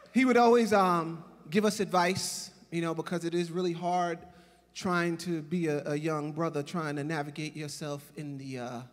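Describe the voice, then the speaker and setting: A man's voice: on the high side, a little slow. A man in his forties giving a casual, laughing comic eulogy at a memorial service. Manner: casual, laughing, animated storytelling. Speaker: eulogy speaker. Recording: reverberant hall, husky voice.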